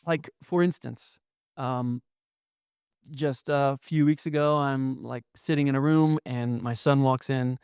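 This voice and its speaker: A man co-hosts a podcast in a relaxed, conversational way, often pausing to check in with a quick 'okay?'. His voice is smooth and resonant at a middle pitch, and it sounds dry and close to the mic. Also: dry recording. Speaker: podcast co-host. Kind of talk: casual podcast chat.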